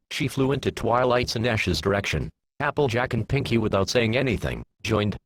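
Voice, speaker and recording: A man reading a fan story aloud, giving the characters lowered voices. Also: expressive, normal speed, hardly any pauses, slight background noise, poor audio. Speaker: fan fiction reader.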